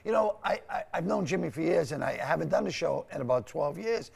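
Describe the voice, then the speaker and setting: A man from Boston in his sixties talks with a Boston accent, fast and gravelly, pitched a little high. He tells stories in a loud, animated way. Chatter from a crowd runs behind him in the studio. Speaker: comedian guest. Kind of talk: casual chat.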